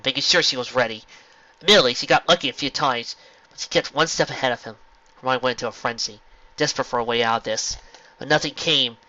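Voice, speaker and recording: A man reading a fan fiction story aloud with expressive narration. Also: medium pitch. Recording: lo-fi home recording.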